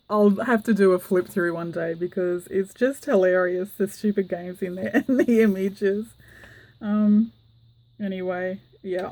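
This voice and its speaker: A craft vlogger with a warm, medium-pitched voice shows a handmade journal to the camera, giggling and chatting casually with plenty of fillers. There's no echo, but the recording is rough.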